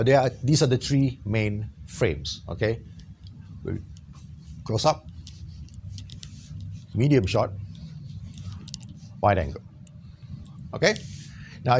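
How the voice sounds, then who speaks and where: A man teaching an on-camera tutorial in a small studio, lively and jokey, checking in with his viewers often. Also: medium pitch, slight background noise. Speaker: trainer.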